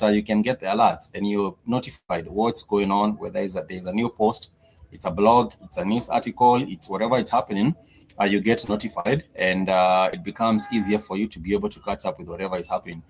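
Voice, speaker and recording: A man's voice: fairly low pitch, steady tone, a little fast, husky. A man teaching a live-streamed Swahili class, patiently repeating each phrase and spelling words out letter by letter. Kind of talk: live-streamed language lesson.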